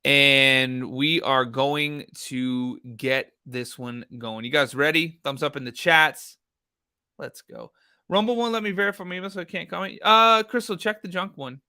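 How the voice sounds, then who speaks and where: A man's voice: on the high side, steady tone, measured pace, smooth, no echo, studio quality. A man hosting a live true crime reaction stream, talking bluntly to his chat. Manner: loud, blunt, talks to chat.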